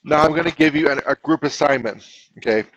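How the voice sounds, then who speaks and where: A man's voice: a little high, brisk, a bit bright, lo-fi sound. A man teaching a class, patiently explaining and often restarting his phrases. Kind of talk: classroom instruction.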